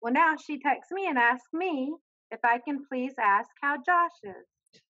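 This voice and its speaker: A woman's voice: high voice, unhurried, bright, forceful tone, no echo, muffled recording. A woman co-hosting a casual talk show, asking questions and answering with short agreements. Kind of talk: casual chat.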